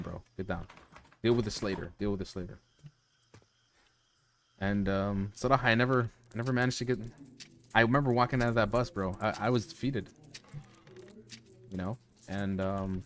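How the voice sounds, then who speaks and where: A man streaming from home, mid-pitched and loose, tells his chat a story he still hasn't let go of. He swears freely and trips over restarts. A faint steady hiss sits under his desk mic. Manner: animated, profane, lots of restarts and "you know". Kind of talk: casual storytelling to a live chat.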